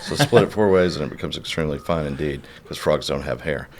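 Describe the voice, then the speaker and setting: A man's voice: very deep voice, fast. A man with a Southern American accent, co-hosting a casual podcast and teasing the others with an incredulous tone. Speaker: podcast co-host. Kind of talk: casual chat.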